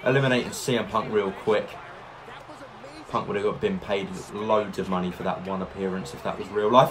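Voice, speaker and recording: A man giving excitable let's-play commentary, narrating each move and reacting loudly as he plays. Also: on the low side, fairly quick. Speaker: gaming YouTuber.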